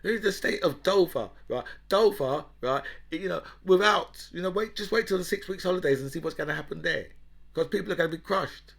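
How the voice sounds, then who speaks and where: A political commentator with a fairly high, fairly bright voice delivers an angry, sarcastic rant, mocking his opponents and constantly checking in with "right?"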